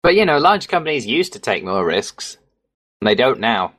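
A man's voice: medium pitch, big pitch swings, normal speed, background noise. Rambling English man co-hosting a podcast. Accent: English, Midlands. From England. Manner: rambling, self-mocking, laughs easily. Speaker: podcast co-host. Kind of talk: casual podcast chat.

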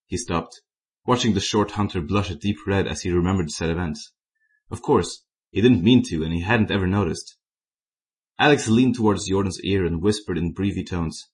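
Man narrating fan fiction, very low voice, plain reading with small slips. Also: moderate pace, a little mellow, breathy edge. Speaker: story reader.

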